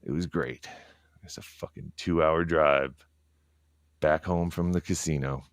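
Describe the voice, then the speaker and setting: Brief: low-pitched male streamer, profane and rambling, talking quietly at home at night, dry room. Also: steady tone, measured pace, no room sound. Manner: talking quietly so as not to wake others. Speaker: livestreamer. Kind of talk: casual livestream monologue.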